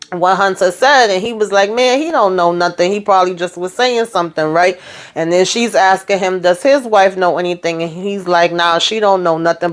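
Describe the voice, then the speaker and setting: Chatty woman animatedly recapping a show. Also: mid-range voice. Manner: animated, retells scenes acting out the characters' lines; colloquial, peppered with "okay?" and "you know". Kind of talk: casual TV episode recap.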